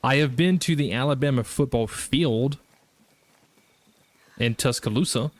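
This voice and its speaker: A man with a Southern US accent and a mid-range voice talks a little slowly while streaming a game. He's a gaming streamer chatting casually on a live stream, rambling along with plenty of fillers and restarts.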